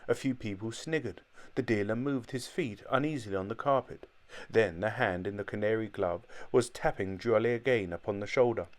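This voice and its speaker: A man reading an audiobook as narrator, in measured, even storytelling. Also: lowish voice. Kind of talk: scripted narration.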